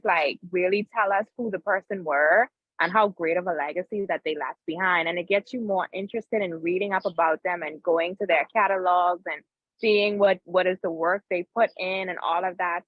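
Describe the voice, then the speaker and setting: Analyst, woman, 30s, relaxed, laughs easily, slightly dull dry mic. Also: fairly low pitch, dry recording. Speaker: research analyst.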